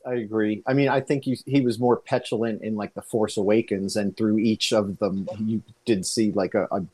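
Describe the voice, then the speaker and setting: A man in a casual podcast chat, speaking hesitantly with halting restarts. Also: on the low side, steady tone, dark tone.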